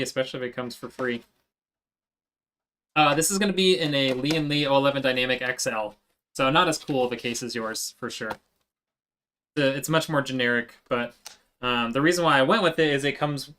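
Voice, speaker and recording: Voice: mid-range voice, a bit bright, clear, resonant tone. A live streamer chatting casually with viewers while working, answering chat as they go.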